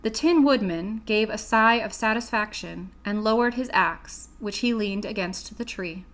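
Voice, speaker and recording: A woman narrating a classic children's book in a steady, clear reading voice. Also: medium pitch, measured pace. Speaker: audiobook reader. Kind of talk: storybook narration.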